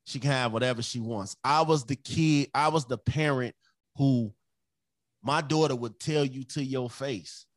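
Slow, emphatic man in casual podcast chat. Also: medium pitch, dry recording. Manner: emphatic, repeats phrases, acts out his kids' voices. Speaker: podcast co-host.

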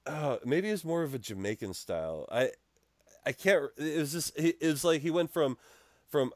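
A man's voice: fairly high pitch, moderate pace, no echo. Guy on a podcast telling a funny story, lots of laughs, dry close mic. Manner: animated, laughing storyteller with restarts. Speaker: podcast co-host. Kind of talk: casual storytelling chat.

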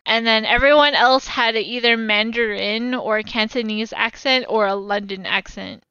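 A woman's voice: fairly high pitch, moderate pace, bright, forceful tone, clear, resonant tone, no room sound. A woman co-hosting a casual movie chat, talking in a chatty, hesitant way full of fillers and restarts, on a dull lo-fi recording. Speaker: podcast co-host.

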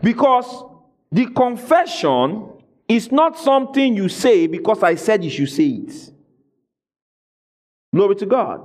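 A man preaching a sermon, asking his congregation questions and rising into shouted emphasis. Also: high-pitched, very animated, a little slow. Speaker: pastor.

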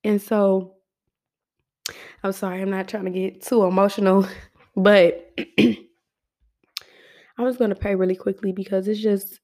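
A woman's voice: medium pitch, level tone, a little slow, pauses often, dark tone. A young adult woman hosting her own podcast, speaking heartfelt and emotional to her listeners, moving into a spoken prayer. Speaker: podcast host.

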